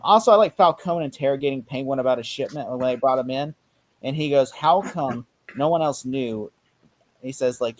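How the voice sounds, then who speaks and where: A man's voice: medium pitch, a little mellow. A man hosting a casual chat, animatedly acting out lines from scenes, with many fillers. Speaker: podcast host.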